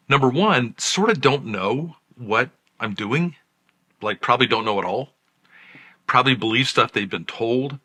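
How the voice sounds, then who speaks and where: A middle-aged man speaks to camera as a psychiatrist and host. His voice sits somewhat low but rings very bright and forward. He talks in a conversational, emphatic way and leans on rhetorical questions. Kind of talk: direct-to-camera commentary.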